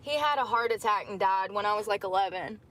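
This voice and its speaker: A woman's voice: mid-range voice, fast talker, fairly bright tone. A woman telling a personal story casually to her livestream viewers, calling them y'all. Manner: chatty, addresses viewers as y'all.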